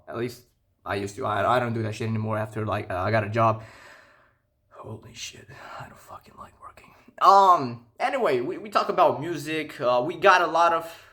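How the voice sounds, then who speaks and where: A young man telling a casual, profane storytime rant, animated and incredulous. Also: mid-range voice. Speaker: vlogger.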